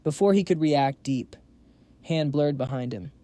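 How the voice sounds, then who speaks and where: A man's voice: a little high, unhurried, warm tone. A man narrating a comic recap in a hyped, slangy storytelling manner.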